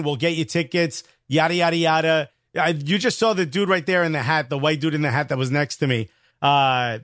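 Excitable New York guy telling stories. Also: on the high side, dry recording, clean studio sound. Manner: excited storytelling with slangy asides. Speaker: podcast co-host and comedian. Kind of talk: casual podcast chat.

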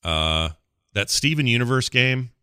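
A man's voice: mid-range voice, animated, a little slow, bright, forceful tone, smooth, dry recording, studio quality. A man co-hosting a podcast, chatting casually and rambling with fillers and self-corrections. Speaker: podcast co-host. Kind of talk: casual gaming chat.

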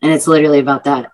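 Low-voiced chatty young woman. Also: rough recording. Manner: chatty, many "like" fillers, vivid retelling. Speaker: actress and singer, guest. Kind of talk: casual interview storytelling.

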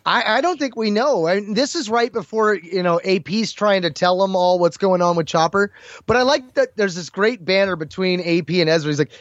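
High-voiced enthusiastic man, dry lo-fi sound. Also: lively intonation, normal speed, no echo. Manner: enthusiastic, acts out character lines. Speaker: podcast co-host. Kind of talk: casual fan discussion.

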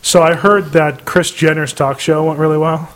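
A man co-hosting a casual podcast chat, crude and quick to laugh. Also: a little high, steady tone, fairly bright tone. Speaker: podcast co-host.

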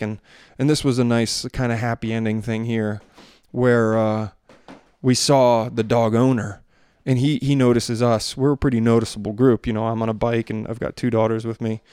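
A man in his thirties or forties tells a family story in a relaxed, rambling way, full of "you know" and restarts. His voice is smooth and clear at an average pitch. The recording is dry, made close on a handheld mic in a bedroom at home. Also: dry recording. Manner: chatty, loose, many fillers and restarts. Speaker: podcast host and father. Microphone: handheld microphone.

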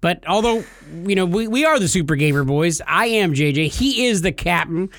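Young male podcast co-host, higher voice, playful and teasing, dry close sound. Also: expressive, normal speed, a bit bright, dry recording. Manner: jokey, teasing, theatrical. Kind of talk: casual podcast banter.

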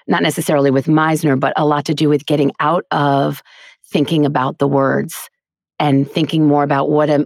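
Low gravelly-voiced woman, earnest and emphatic. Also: no echo, clean studio sound. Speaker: voiceover artist and teacher as guest. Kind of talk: casual podcast interview.

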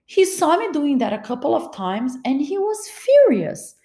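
A woman's voice: high-pitched, big pitch swings, a little slow, few pauses, warm tone, roomy sound. Candid woman telling a personal story. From Los Angeles, California. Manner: candid, wry, confiding. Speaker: podcast host.

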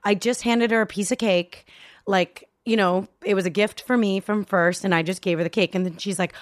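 Woman, casual interview guest, animated storytelling, acts out other voices, mid pitch, dry mic. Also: fairly quick, no echo. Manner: animated, acts out quoted voices, swears freely.

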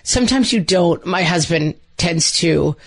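A woman's voice: lowish voice, lively intonation, measured pace. A woman co-hosting a parenting podcast, talking in a loose, rambling way. She fills her speech with "like" and "you know" and acts out quoted remarks as she goes. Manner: chatty, rambling, many fillers. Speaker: podcast co-host. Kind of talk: casual parenting podcast chat.

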